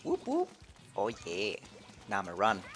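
Excitable playful male game streamer. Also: lowish voice, unhurried. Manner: playful, excitable, switching between English and French. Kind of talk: casual live-stream commentary.

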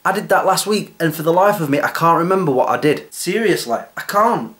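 Deadpan comedy vlogger man. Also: fairly high pitch, brisk. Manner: deadpan, self-mocking storytelling. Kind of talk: scripted comedic monologue.

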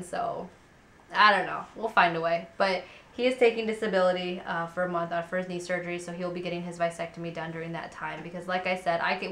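Candid young mom in a roomy echo. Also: female voice, lowish voice, a bit bright. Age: 20s. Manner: candid, rambling, many fillers. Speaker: parenting vlogger. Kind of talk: casual chat to camera. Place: at home.

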